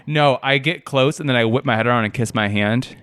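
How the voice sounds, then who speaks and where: A man co-hosting a casual podcast, a doctor who cracks deadpan absurd jokes. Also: medium pitch, fairly quick, clear, resonant tone, no echo, studio quality. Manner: joking, deadpan absurd humor. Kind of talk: casual chat.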